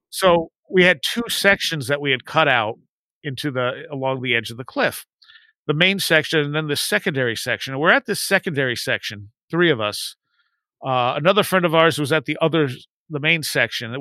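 Guy in his 40s rambling thru a creepy story, bright crisp voice, dry sound. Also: fairly high pitch, normal speed, dry recording. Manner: rambling, animated when quoting friends. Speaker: guest telling a story. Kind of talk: casual storytelling on a podcast.

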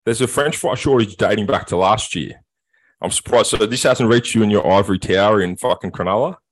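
A low-voiced man co-hosting a casual podcast. He tells stories in a sweary, animated way. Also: a little fast. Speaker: podcast co-host. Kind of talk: casual chat, storytelling.

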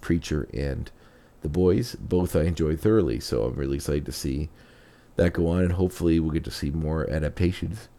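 A man's voice: low-pitched, moderate pace. A man hosting a comics podcast, chatting casually with frequent fillers and reading narration. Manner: relaxed, conversational, with frequent fillers. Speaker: podcast host. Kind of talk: casual chat and read narration of comic history.

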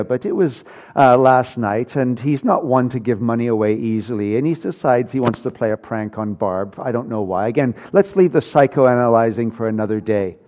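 A man preaching a sermon, telling stories with wry humor and building emphasis. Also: medium pitch. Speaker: pastor. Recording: dull lo-fi sound.

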